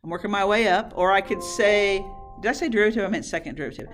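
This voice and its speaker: A woman's voice: medium pitch, quick pace, soft background music. A woman math teacher lecturing a class in a classroom, asking questions and answering them herself.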